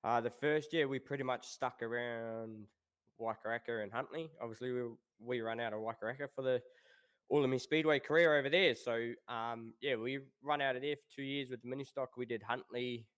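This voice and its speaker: A man in his thirties with a New Zealand accent, chatting as a guest about his racing past in a relaxed way. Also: mid-range voice, brisk, clean tone. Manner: relaxed, laid-back, says "obviously" and "um" often. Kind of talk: casual interview chat.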